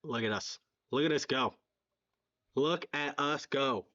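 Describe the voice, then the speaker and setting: Excitable Philly guy hosting live stream. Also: mid-range voice, unhurried. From southeastern Pennsylvania. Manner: excitable, repeats himself, reads donations aloud. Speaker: livestream fundraiser host. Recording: slightly dull lo-fi stream audio.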